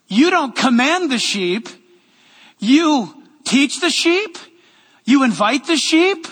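A man preaching a sermon as pastor, energetic and loud, with joking asides to the congregation, in a church sanctuary. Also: extremely high pitch, big-room sound.

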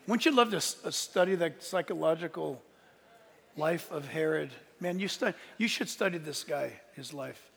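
A man preaching a sermon in a conversational way, with asides to the congregation and shouted peaks of emphasis. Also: on the high side, normal speed, gravelly, slightly rough, in a large hall. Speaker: pastor.

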